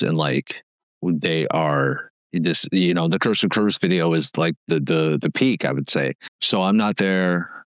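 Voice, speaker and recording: A man's voice: low-pitched, clear, resonant tone, no echo. A man, a former band musician, telling frank stories casually on a podcast, with lots of fillers and some swearing. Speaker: guest musician. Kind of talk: candid conversational storytelling.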